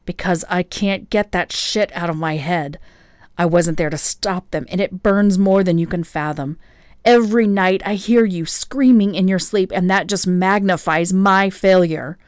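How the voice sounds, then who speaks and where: A woman voicing a brooding young male werewolf who speaks low and tensely, often near a whisper, in a storybook reading. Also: unhurried, few pauses, no room sound, studio quality, lightly acted. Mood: anguished.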